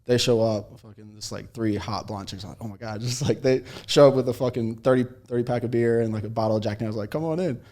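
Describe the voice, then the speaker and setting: A young man chatting casually as a podcast guest, telling long stories in a relaxed way and laughing often. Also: lowish voice, quick pace, few pauses. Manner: laid-back storytelling with frequent laughs. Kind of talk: casual chat.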